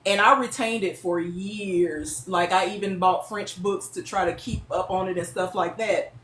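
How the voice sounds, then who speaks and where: A woman, telling stories as a guest in a casual interview, lively and quick to laugh. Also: fairly low pitch, slight background noise. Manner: lively, laughing, chatty storyteller. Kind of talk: casual storytelling. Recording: echoey room with faint ambience.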